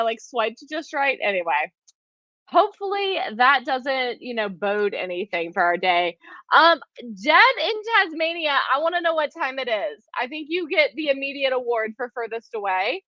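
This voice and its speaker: A woman's voice: high voice, very animated, measured pace, bright, forceful tone, lo-fi sound. Bubbly woman hosting a livestream. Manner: bubbly and chatty, greeting viewers by name. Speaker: quilting teacher hosting a live class. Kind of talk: live-stream chat with viewers.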